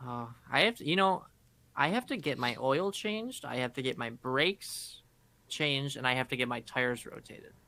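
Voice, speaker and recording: A man's voice: medium pitch, moderate pace, sharp tone. A young man co-hosting a podcast, chatting casually and teasing his friends in a matter-of-fact way. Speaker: podcast co-host. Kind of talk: casual chat.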